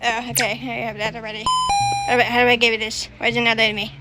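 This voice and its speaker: A young woman commenting as she plays a video game, excitable and panicky and full of nervous filler sounds. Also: fairly high pitch, rapid-fire. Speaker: gamer playing a video game. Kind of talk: gameplay commentary. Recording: game music playing clearly behind.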